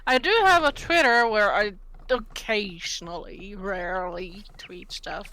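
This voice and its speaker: A woman from Norway takes her time, speaking slowly and thinking aloud. Her voice is bright and clear, and she answers the questions in a modest, casual way. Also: medium pitch, a little hiss or hum. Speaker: guest artist.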